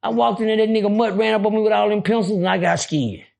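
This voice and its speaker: A man telling a prison story in casual chat, loud and profane, breaking into shouts. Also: sits high, steady tone, fast, creaky. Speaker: podcast guest storyteller.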